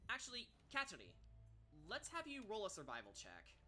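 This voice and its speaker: Lively game master, bright voice. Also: medium pitch, a little fast, faint music behind. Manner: rambling, full of ums and little laughs. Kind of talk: narrating a tabletop game.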